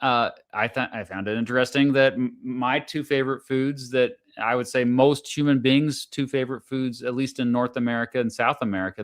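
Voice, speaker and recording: A man's voice: mid-range voice, fairly bright tone. Chatty man hosting a live stream. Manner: chatty, jokey, talks to chat. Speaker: livestream host. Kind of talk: casual live-stream commentary.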